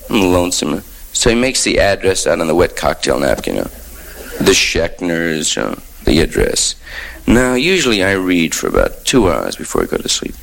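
A man's voice: low voice, wildly swooping pitch, normal speed, vocal fry, a bit bright. A man from New York doing a rambling stand-up monologue full of hip slang, wry and offhand, in a noisy old live recording. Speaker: stand-up comedian.

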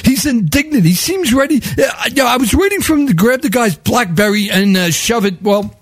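Wry high-voiced New storyteller. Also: male voice, lively intonation, brisk, slightly rough, dry recording. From New York. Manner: wry, sardonic, chuckling, wordy. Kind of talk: comic storytelling monologue.

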